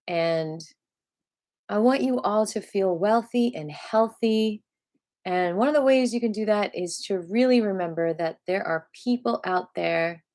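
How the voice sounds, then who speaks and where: Calm woman leading a qigong class. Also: lowish voice. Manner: slow, soothing, reflective guidance. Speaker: qigong teacher. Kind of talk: live guided qigong class. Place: at home.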